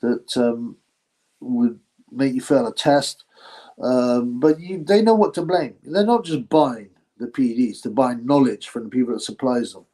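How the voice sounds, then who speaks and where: A man's voice: medium pitch, steady tone, measured pace, dark tone, low-quality recording. A man hosting a casual boxing live stream, reading viewer comments and rambling through crude banter with fillers and chuckles. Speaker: boxing podcast host reading chat.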